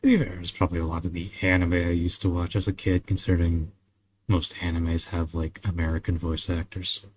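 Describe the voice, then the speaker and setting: A relaxed young man from Australia talks with his viewers over a game. His voice sits on the low side, and his easy, rambling delivery is dotted with chuckles and the odd casual swear. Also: brisk, a little hiss or hum. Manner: laid-back, chuckles often, swears casually. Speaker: streamer chatting with viewers while gaming. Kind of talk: casual chat.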